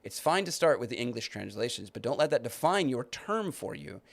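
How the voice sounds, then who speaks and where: A man's voice: medium pitch, big pitch swings, fairly quick, vocal fry. A man hosting a podcast, arguing his point and rebutting comments he reads aloud, with many restarts. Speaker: podcast host. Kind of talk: live-stream commentary reading comments.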